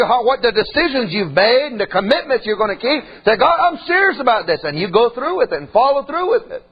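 A man preaching a sermon in a folksy, animated way, full of asides and questions to the congregation. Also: very high-pitched, slightly rough, muffled recording.

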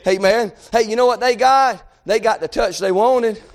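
A man preaching a sermon, impassioned, often shouting and crying out between conversational asides. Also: sits high, normal speed.

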